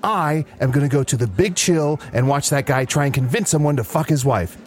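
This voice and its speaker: A man's voice: fairly high pitch, fairly quick, a little hiss or hum. A man at a tabletop game speaking in character as a horse, goofy and playful. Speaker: player.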